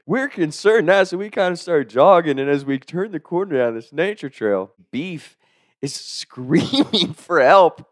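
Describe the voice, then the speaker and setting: A man's voice: fairly high pitch, unhurried, no echo, clean studio sound. A man casually telling a funny story, chuckling as he goes and swearing freely. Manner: chuckles through the telling, profane, animated.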